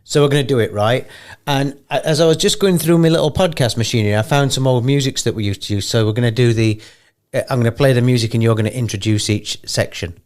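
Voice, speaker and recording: A man's voice: medium pitch, quick pace. Wry, rambling English man hosting. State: poorly, emotional. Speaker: podcast host. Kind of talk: casual chat.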